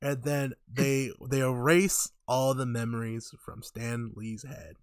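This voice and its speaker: A young man in casual podcast chat, retelling a cartoon with loose, swearing storytelling. His voice sits at an ordinary pitch, and the recording is close and dry with no room sound. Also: steady tone, smooth, no echo. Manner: loose, profane storytelling with quick put-on character voices. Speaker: podcast co-host.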